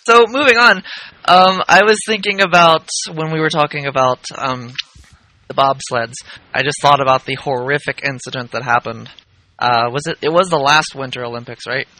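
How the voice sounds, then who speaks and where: A man's voice: medium pitch, fairly even intonation, normal speed, bright, forceful tone, no echo, low-quality recording. A man co-hosting a podcast in casual chat, playful and prone to goofy asides. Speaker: podcast co-host.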